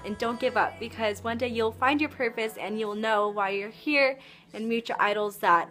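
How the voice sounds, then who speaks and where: Gushing, high-voiced young woman vlogger. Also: a bit bright. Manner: gushing, bubbly, many "like" fillers. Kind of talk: excited fan vlog recap.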